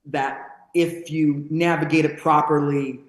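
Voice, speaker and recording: A man's voice: on the high side, little pitch movement, a little slow. A man, a pro wrestler and podcast guest, talking in a thoughtful, philosophical way with frequent restarts. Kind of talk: reflective podcast conversation. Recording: roomy echo.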